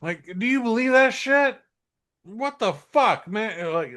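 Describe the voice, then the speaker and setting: A man's voice: high-pitched, expressive, slow, bright, forceful tone. A young man, chatting casually as a podcast co-host, rambling and swearing as he acts out little scenes. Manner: rambling, swearing, plays out scenes in quoted voices. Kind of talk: casual chat.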